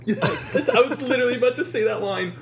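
A young man co-hosting a casual podcast chat, excitable and swearing freely. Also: extremely high pitch, fast, creaky, a loud crowd. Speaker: podcast co-host.

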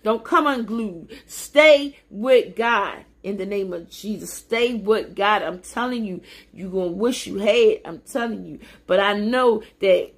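A woman preaching on a livestream in a fervent, repetitive cadence that climbs into shouts. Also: medium pitch, unhurried. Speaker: podcast host. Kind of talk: preaching on a social media livestream. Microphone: phone or webcam on a livestream.

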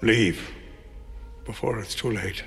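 A gravelly old crime boss. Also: male voice, on the low side, steady tone, fairly bright tone, exaggerated voice. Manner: slow, solemn pleading. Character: aging male crime boss, weary and grave. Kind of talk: film drama dialogue. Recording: film audio with long reverb.

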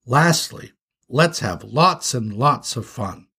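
A man's voice: medium pitch, expressive, slow pace, sharp tone, husky, full character voice. A man voicing a young male skunk, a patient big brother who turns frantic when his little brother strays, in a storybook reading. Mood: gentle, instructive.

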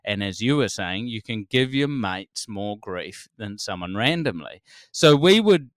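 Kiwi comedian guy, 40s, smooth voice, dry close sound, animated storytelling. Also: on the low side, measured pace, dry recording. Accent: New Zealand. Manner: animated storyteller, acts out quotes, laughs often. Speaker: comedian guest. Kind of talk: casual podcast chat.

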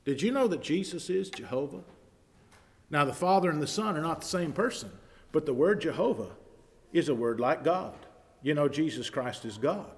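A man preaching a sermon, reading scripture aloud and explaining it, often building to loud emphatic passages. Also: fairly high pitch, animated, normal speed. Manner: reads scripture aloud in King James wording, then explains it. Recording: long hall reverb.

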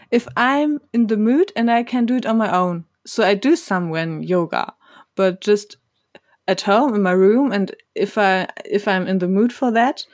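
Slow, halting woman in casual chat. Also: mid-range voice, darkish tone, no room sound. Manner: halting, many fillers and restarts, laughs often. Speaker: podcast co-host.

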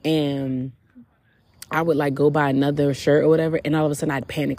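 A woman's voice: sits low, level tone, a little mellow, no room sound. A woman hosting a podcast, candidly and reflectively telling her personal faith testimony. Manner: candid and reflective, with drawn-out pauses. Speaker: podcast host.

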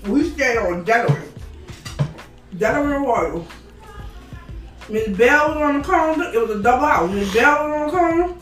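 A high-pitched woman tells animated, laughing anecdotes in casual conversation. She is a little distant from the mic, and the room is echoey. Faint music sits underneath. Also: normal speed, long pauses. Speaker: podcast co-host. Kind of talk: casual chat.

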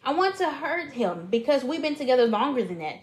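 A woman's voice: high-pitched, very animated, fairly quick, poor audio. A woman co-hosting a podcast, reading a listener's email aloud with dramatic emphasis and giving blunt, profane advice in casual chat. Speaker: podcast co-host.

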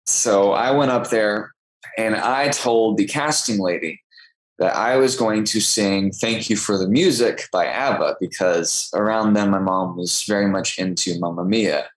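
A young man from Texas with a deep, low voice tells stories in a relaxed interview. He is chatty and self-deprecating, restarting his phrases here and there as he talks. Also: measured pace, poor audio. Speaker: guest actor. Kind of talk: casual interview storytelling.

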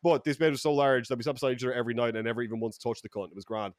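A man with an Irish accent telling a story on a podcast in a lively, profane way, acting out the people he quotes. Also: medium pitch, racing, no room sound, clean studio sound. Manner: animated, profane, quotes people in mock voices. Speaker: podcast regular. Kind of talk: casual storytelling. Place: podcast studio.

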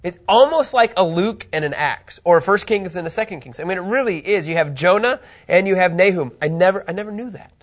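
A middle-aged man teaching a Bible lesson, animated and conversational, often checking in with his listeners. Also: high-pitched, brisk, few pauses. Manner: animated, keeps asking "okay?" to check understanding.

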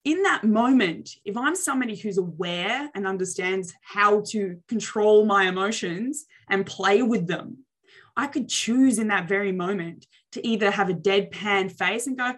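In a lively, motivational social skills coaching session, a young adult woman mimics reactions with exaggerated faces and tones, speaking at a moderate pace in a mid-range voice.

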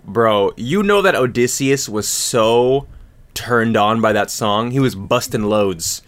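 A man's voice: medium pitch, expressive, slow. A young man co-hosting a casual podcast chat, crude and joking, laughing often. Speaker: podcast co-host.

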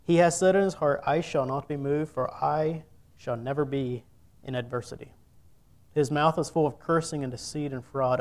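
A man's voice: medium pitch, a little mellow. A man preaching a sermon, reading scripture aloud in old-fashioned wording and then speaking earnestly to the congregation.

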